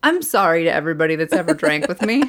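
A young woman co-hosting a casual podcast chat, loud and rambling, swearing freely. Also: sits low, sing-song, quick pace. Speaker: podcast co-host.

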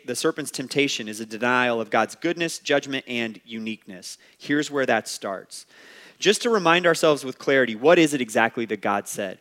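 A man's voice: mid-range voice, fairly bright tone. A man preaching a sermon as pastor, earnest and conversational, often saying "like". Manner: earnest, exhorting.

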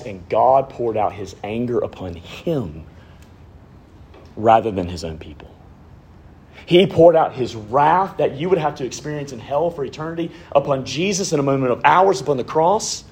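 Pastor, man in his thirties, husky voice, preaching with strong swings between loud and hushed. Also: mid-range voice. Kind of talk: sermon.

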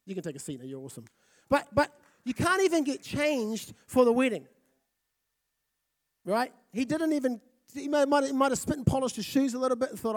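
A pastor who grew up in Fiji, giving a lively, conversational sermon and often checking in with listeners. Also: male voice, very high voice, a little fast. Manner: lively, conversational, often asks the crowd "right?".

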